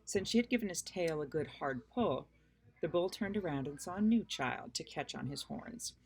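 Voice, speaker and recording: A woman reading a children's book aloud in an unhurried, friendly storytelling manner, with casual asides. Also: sits low, animated, gravelly, a little mellow, breathy edge. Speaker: reader.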